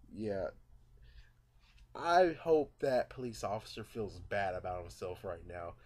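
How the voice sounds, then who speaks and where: A man vlogging his casual, rambling thoughts on a movie, full of fillers and asides, who gets louder when retelling scenes. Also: on the low side, measured pace. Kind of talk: casual movie reaction vlog.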